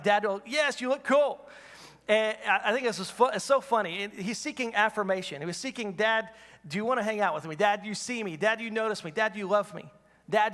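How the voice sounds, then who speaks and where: A man's voice: high-pitched, fairly bright tone, long reverb tail. A man in his thirties preaching a sermon, earnest and repetitive, asking the congregation questions. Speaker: pastor. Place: church hall.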